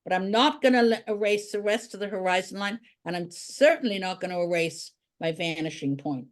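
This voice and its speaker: A woman's voice: mid-range voice, brisk. Chatty woman teaching drawing step by step. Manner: chatty, thinks aloud while drawing. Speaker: art teacher. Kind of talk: drawing tutorial.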